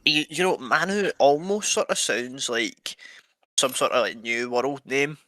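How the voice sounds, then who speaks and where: A man's voice: medium pitch, measured pace, bright, forceful tone, no room sound. A man co-hosting a history podcast, reading passages aloud and adding dry jokes. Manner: reads passages then jokes dryly. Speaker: podcast co-host.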